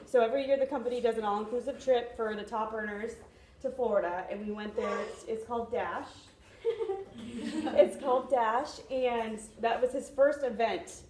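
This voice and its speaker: A woman's voice: fairly high pitch, fairly even intonation, normal speed, darkish tone. A young woman giving a chatty motivational talk at a sales training meeting, often checking in with "you know what I mean?". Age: young adult. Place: meeting room. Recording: echoey room.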